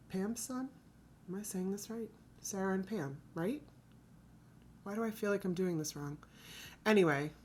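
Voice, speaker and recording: A woman from the United States chatting casually as she shows off her thrift finds, rambling and correcting herself as she goes. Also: mid-range voice. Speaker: thrift reseller vlogger. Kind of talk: casual haul chat.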